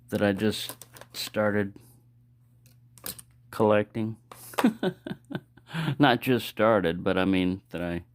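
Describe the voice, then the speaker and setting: A man's voice: on the low side, smooth. A man talks easily to his own camera at home, wandering off on asides and circling back. His speech is loose and conversational, full of restarts, picked up plainly by the camera's microphone. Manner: rambling, with frequent restarts and asides. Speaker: knife collector showing his collection. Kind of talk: casual show-and-tell vlog.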